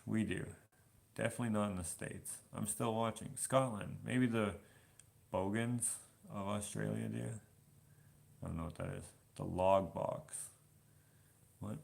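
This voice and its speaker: A young man with a low, gravelly voice chats loosely through a live Q&A. He reads viewer comments aloud and wanders off on tangents as he goes. He is washing dishes at home in his kitchen. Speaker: vlogger answering live questions. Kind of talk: casual live Q&A chat.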